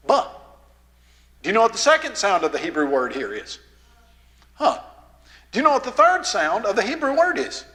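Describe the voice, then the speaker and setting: A man with a Southern drawl giving a lively, folksy lesson to a youth rally in a church, quizzing the crowd as he goes. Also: sits high, big-room sound. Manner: asks the crowd questions, folksy and animated. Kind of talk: lively teaching talk to teens. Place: church hall, live audience.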